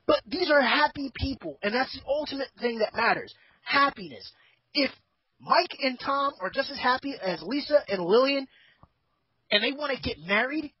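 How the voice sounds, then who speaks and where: A man's voice: very high voice, slightly rough, dull audio. A man hosting a casual group chat podcast, rambling and opinionated and swearing freely. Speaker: podcast host.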